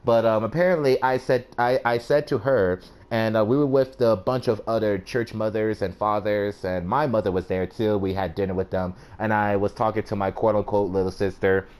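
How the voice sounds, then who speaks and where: A man's voice: lowish voice, steady tone, normal speed, hardly any pauses, darkish tone, clean tone. A man hosting a casual chat, who tells stories and laughs often. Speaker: host.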